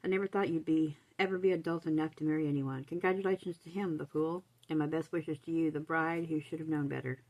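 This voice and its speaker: A woman's voice: low-pitched, steady tone, fast, few pauses, darkish tone, poor audio. Woman voicing a sneering, spiteful young woman. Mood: mocking. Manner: sneering, taunting, smooth. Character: mocking, spiteful young woman, the half-sister.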